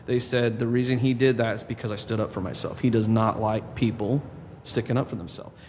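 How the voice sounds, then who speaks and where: A man's voice: mid-range voice, brisk. Man telling a story in a reverberant room. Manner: animated storyteller, quotes people in his own voice. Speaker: podcast guest, drummer. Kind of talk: casual storytelling interview. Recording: long reverb with faint background noise.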